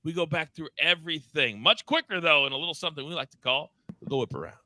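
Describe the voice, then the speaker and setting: A man hosting a live sports betting show, upbeat and teasing as he calls on each crew member for quick picks. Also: a little high, bright, forceful tone, rough recording. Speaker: host.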